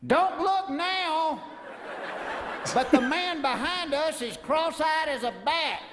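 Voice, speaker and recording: A male comedian voicing his elderly mother-in-law as a blunt, loud old woman who speaks without a filter. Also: high voice, takes it slowly, voice pushed up. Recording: echoey hall with audience noise.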